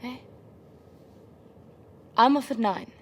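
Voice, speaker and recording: A woman playing a concerned coworker, softly coaxing a colleague to join the group at the pub. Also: on the high side, slow pace, husky. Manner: soft, coaxing. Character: concerned female coworker, gentle. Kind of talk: indie film acting. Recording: noisy background.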